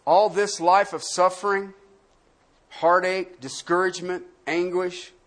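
A man pastor preaching a sermon, swinging from hushed, quiet lines to loud, acted-out quotes. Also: high voice, little pitch movement, measured pace.

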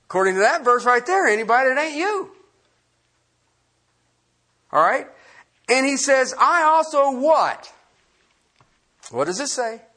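A man's voice: very high-pitched, big pitch swings, measured pace, long pauses, pushed and bright. A man preaching a sermon as pastor, emphatic and quizzing the congregation with questions.

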